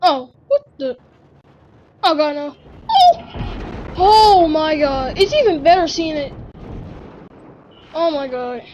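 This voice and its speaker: A woman giving excitable gaming commentary, full of gasps and exclamations. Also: high-pitched, slow pace, long pauses, slight background noise, rough recording. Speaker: gamer.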